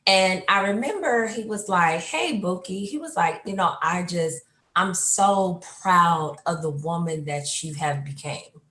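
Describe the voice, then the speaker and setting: A woman with a lower voice tells personal memories, animated and expressive. She leaps up in pitch when she quotes herself. The sound is roomy and echoey. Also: measured pace. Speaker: panelist. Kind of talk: personal storytelling.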